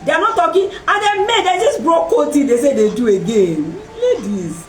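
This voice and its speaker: A woman hosting a talk, telling a personal story in a lively way and acting out the voices of other people. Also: high-pitched, normal speed, soft background music. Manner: animated, acts out voices in her story, laughs often. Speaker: host. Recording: roomy and distant from the mic.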